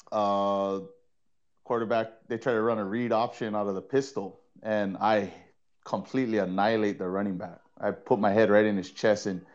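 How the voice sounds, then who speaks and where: A man from Hawaii, co-host and former player and coach, telling stories in an animated, laughing way and often repeating words. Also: mid-range voice, muffled recording. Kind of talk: casual storytelling in a podcast chat.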